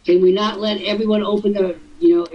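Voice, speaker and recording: A man in his seventies hosting a live webinar, teasing and firing off rhetorical questions, his voice swooping high for emphasis. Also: little pitch movement, a little fast. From Illinois, USA. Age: 70s. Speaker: host. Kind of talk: webinar talk. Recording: dull lo-fi webinar audio.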